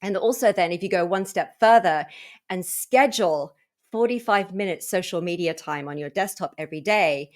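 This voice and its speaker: A woman hosting a wellness podcast in a casual conversational way, acting out her own inner thoughts with lively emphasis. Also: fairly low pitch, normal speed. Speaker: podcast host.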